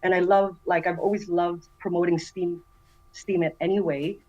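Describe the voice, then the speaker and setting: A woman introduces herself as a community member in a casual online voice meeting, enthusiastic and full of fillers. Her lowish, darkish voice is level in tone at normal speed, with the highs cut off.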